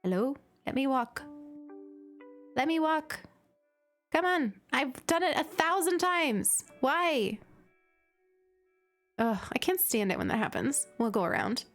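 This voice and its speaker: A woman streamer chatting casually and gushing while she plays, with lots of "like" fillers. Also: on the high side. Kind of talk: casual live-stream chat while playing.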